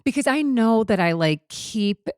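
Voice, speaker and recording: A woman in her forties co-hosting a podcast, talking in a chatty, animated way with many fillers and restarts. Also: on the high side, measured pace, smooth, no echo, studio quality. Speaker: podcast co-host. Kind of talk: casual chat.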